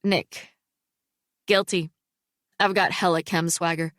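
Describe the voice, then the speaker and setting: A woman voicing a teenage boy with a deep, slightly gravelly voice, dry and teasing on the phone. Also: fairly even intonation, takes it slowly, a bit bright, no room sound.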